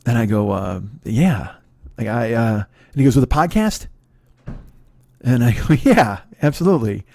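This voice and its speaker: A man's voice: mid-range voice, moderate pace, gravelly, warm tone, no room sound. Rambling, swearing middle-aged man storyteller. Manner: rambling, profane, self-deprecating, many restarts. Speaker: podcast host. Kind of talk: casual storytelling monologue.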